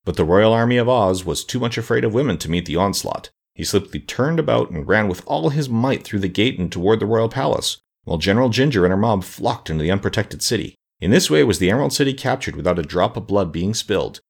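A man reading a children's storybook aloud, with a low voice. His reading is lively and expressive, with a lot of rise and fall. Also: fast, creaky, hardly any pauses, husky. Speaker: narrator.

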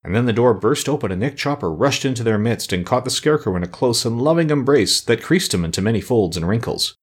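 A man narrating a storybook aloud with a low, husky voice. His reading is measured yet expressive, with a lively rise and fall in pitch. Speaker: audiobook narrator.

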